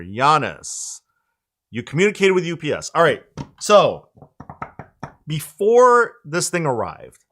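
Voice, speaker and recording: A man hosts a tech live stream from his home setup and rants with exasperation. His pitch leaps up and drops low as he talks, with plenty of lively swings. He keeps breaking off to speak straight to his chat. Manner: animated, exasperated ranting with asides to chat. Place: home studio, indoors.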